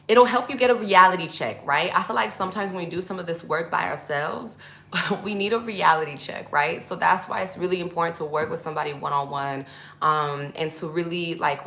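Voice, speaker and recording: Woman spiritual coach, casual teaching to camera with a slightly low voice and a room echo. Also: a bit bright. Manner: loose and conversational, full of fillers, addresses viewers as y'all. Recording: echoey room.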